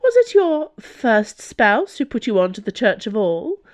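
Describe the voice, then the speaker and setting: A woman's voice: a little high, huge pitch swings, a little slow, pitched above the performer's own voice. A woman voicing a cheerful, mocking female jailer who taunts her prisoner. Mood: taunting. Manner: bright, taunting.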